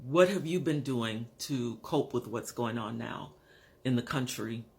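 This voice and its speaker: Slow, frank man in his fifties or sixties. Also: medium pitch, gravelly. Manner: frank, measured, pausing to search for words. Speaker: vlogger. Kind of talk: candid personal vlog monologue.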